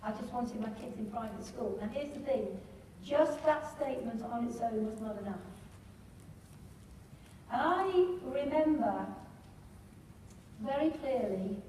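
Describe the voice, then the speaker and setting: A woman's voice: on the high side, lively intonation, a little slow, pauses often, dark tone, slight background noise. A middle-aged woman, giving a motivational talk to a live audience. She tells her story vividly and asks the crowd questions. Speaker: speaker at a business training event. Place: large hall with a live audience. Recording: echoey hall, voice from far off.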